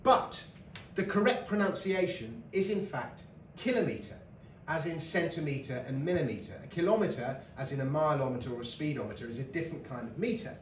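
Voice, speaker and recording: A middle-aged man from Britain delivers a comic lecture, chatty and full of asides. His voice sits a little high, and it is picked up from a distance. The roomy hall carries a faint background hum. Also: expressive, a little fast, hardly any pauses. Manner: chatty storytelling with laughs and asides. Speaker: lecturer and comedian. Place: lecture hall with live audience.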